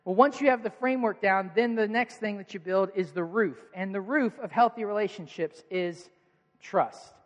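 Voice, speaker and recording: A man's voice: high voice, normal speed, dull audio. A man in his thirties preaching a sermon, telling family stories in an earnest, conversational way. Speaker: pastor. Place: church auditorium with audience. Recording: long hall reverb.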